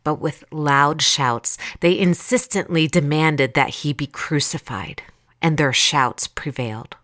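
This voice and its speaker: A woman reading scripture aloud in a calm, deliberate, expressive way. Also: deep voice, no room sound, studio quality. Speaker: Bible reader.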